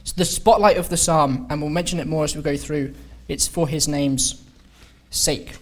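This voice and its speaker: Male preacher, slightly high voice, slow deliberate sermon delivery with restarts. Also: steady tone. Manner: unhurried, halting, with frequent restarts and drawn-out emphasis. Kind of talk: sermon-style Bible study talk. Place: meeting hall.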